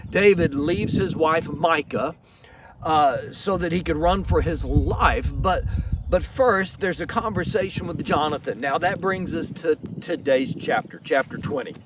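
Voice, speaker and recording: A pastor tells a Bible story outdoors, lively and given to quick restarts. His voice sits a bit high. The mic is some way off, and faint traffic hums behind him. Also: far from the mic. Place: outdoors in a flower field.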